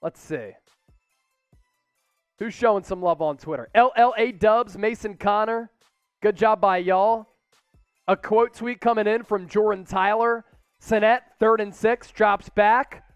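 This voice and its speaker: Excitable male watch-party host with a high, smooth voice. Dry studio sound with faint music behind. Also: unhurried, pauses often, no echo. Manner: excitable, shouts chants and play-by-play calls. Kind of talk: live sports watch-party commentary.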